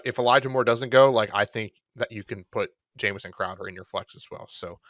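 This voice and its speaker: Podcast co-host, man, casual rambling delivery with a low voice, dry close mic. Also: no room sound. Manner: relaxed, rambling, with self-deprecating jokes. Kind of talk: casual fantasy football chat.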